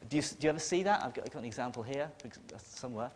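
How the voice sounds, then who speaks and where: A man's voice: mid-range voice, lively intonation, racing, breathy edge. Sardonic northern English man lecturing. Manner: emphatic, sardonic, blunt. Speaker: conference speaker. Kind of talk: lecture to an audience. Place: lecture hall with an audience. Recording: long reverb of a lecture hall.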